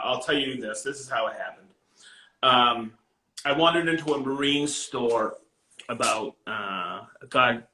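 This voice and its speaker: Bright-voiced man with a Maine accent. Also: mid-range voice. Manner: rambling, laughs often, many fillers. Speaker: guest, finisher. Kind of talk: casual chat.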